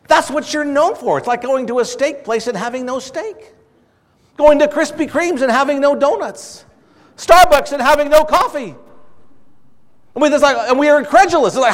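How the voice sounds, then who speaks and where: A man's voice: sits high, sing-song, fairly quick. A man preaching a sermon in a conversational way, asking the audience questions and acting out little dialogues. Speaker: pastor.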